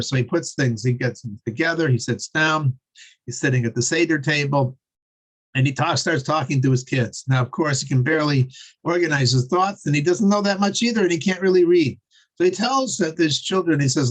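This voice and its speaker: A man's voice: fairly high pitch, a little fast, rough recording. Chuckling man telling a story in class. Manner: conversational, chuckling, many fillers. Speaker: teacher.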